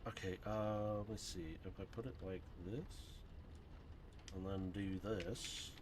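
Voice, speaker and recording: A man's voice: deep voice, steady tone, takes it slowly, background noise. A man streaming while he builds a brick model, chatting casually, rambling and laughing often.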